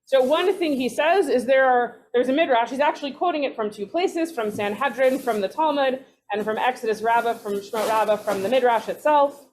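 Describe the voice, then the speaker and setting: A woman leads a relaxed study session, her voice sitting a little high. She talks in a chatty way, correcting herself mid-sentence and dropping in playful asides. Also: fairly quick, few pauses. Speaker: rabbinic resident teaching a text study. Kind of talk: casual text study teaching.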